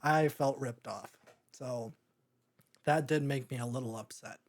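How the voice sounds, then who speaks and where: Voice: medium pitch, unhurried. A podcast host talking through a movie in a casual, rambling way, often breaking into laughter. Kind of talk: casual movie review chat.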